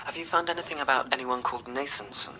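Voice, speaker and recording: A man's voice: mid-range voice, quick pace, heavy background noise, natural voice. A young actor playing a worried son doubting the search for his missing mother. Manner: anxious, doubting. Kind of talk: radio drama acting.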